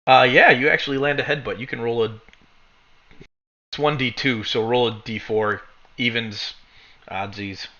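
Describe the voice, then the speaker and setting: A man's voice: mid-range voice, fairly even intonation, moderate pace, long pauses, pushed and bright. A man running a tabletop game as game master, narrating in a rambling way and correcting himself as he goes. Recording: dull lo-fi recording.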